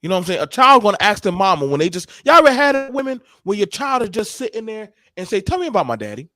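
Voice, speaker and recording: Animated, profane man on a podcast. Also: high-pitched, fast talker, dry recording. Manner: animated, emphatic storytelling with profanity. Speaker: podcast co-host. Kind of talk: casual podcast discussion.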